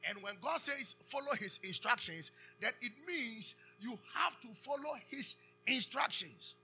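High husky Ghanaian preacher. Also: male voice, expressive, measured pace, soft background music. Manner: call-and-response preaching, loud rising emphasis. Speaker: pastor. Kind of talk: sermon.

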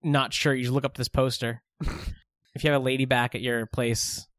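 A man in casual comedic banter who rambles into goofy made-up scenarios and keeps them going. His voice sits at a middling pitch. It sounds close and dry, with no room around it. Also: little pitch movement, normal speed, fairly bright tone, dry recording. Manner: joking, spins long silly bits. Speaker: podcast co-host.

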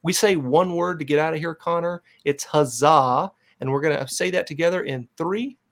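Upbeat podcast host, slightly high voice. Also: male voice, fast talker, vocal fry. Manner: upbeat, enthusiastic, steers the segments. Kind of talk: casual interview chat.

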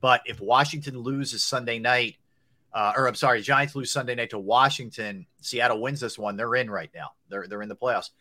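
A man's voice: medium pitch, normal speed, sharp tone. A man co-hosting a sports talk show, weighing his points thoughtfully with frequent restarts. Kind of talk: casual sports chat.

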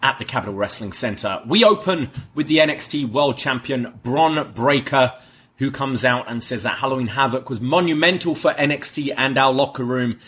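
A man's voice: mid-range voice, moderate pace, a bit bright, slightly rough. A man, co-hosting a podcast and giving a casual recap of a wrestling show. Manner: recaps the show, acting out quoted lines. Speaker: podcast co-host.

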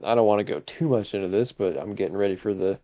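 Man, casual sports podcast co-host, hesitant, filler-heavy, dark mellow tone, lo-fi audio. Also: lowish voice, fast. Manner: hesitant, many fillers, chuckling asides.

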